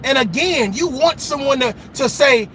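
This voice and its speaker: A very high-pitched man with a bright, sharp voice tells stories in a casual monologue. His voice swings up and down as he talks, and he swears and laughs along the way. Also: normal speed, a little hiss or hum, low-quality recording. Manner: animated, profane, laughs at his own stories. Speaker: commentator giving dating advice.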